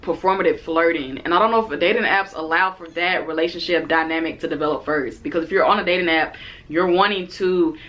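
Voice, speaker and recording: A woman's voice: on the low side, brisk, lo-fi sound. A woman in her twenties, a vlogger telling a story casually to the camera and acting out what both people said. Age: 20s. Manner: animated, acts out both sides of the date in quotes.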